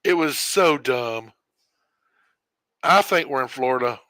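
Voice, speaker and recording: Bright-voiced man rambling through a story. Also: mid-range voice, lively intonation, slow pace, no room sound. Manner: rambling, self-correcting storyteller who chuckles often. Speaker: streamer. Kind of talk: casual storytelling while gaming.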